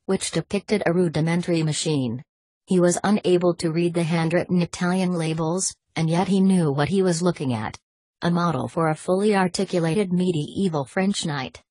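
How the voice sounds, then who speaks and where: A woman reads a novel aloud in a steady, even audiobook style. Her voice is low and husky. The recording is close and dry with no room sound. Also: dry recording. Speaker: audiobook narrator. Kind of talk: scripted audiobook narration.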